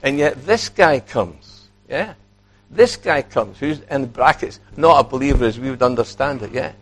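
A man preaching a sermon, animated, acting out quoted speech and putting questions to his listeners. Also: mid-range voice, moderate pace.

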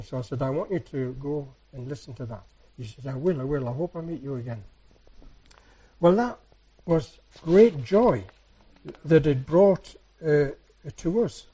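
A man giving a sermon, a soft-spoken, rambling storyteller who retells everyday encounters. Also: mid-range voice, husky, rough recording. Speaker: church speaker. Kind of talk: anecdotal sermon.

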